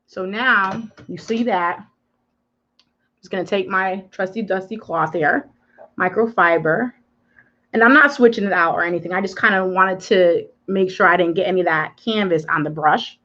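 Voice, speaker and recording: A beauty influencer runs a live makeup tutorial, chatting emphatically with viewers and answering their comments in an animated way. She has a mid-range voice at a moderate pace, heard through dull lo-fi livestream audio.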